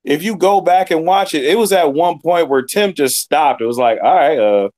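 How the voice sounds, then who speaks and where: A man's voice: a little high, normal speed, a little mellow. A young man co-hosting a tech show, complaining in a laid-back, casual way with lots of swearing and mocking quotes. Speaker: co-host. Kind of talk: casual ranting chat.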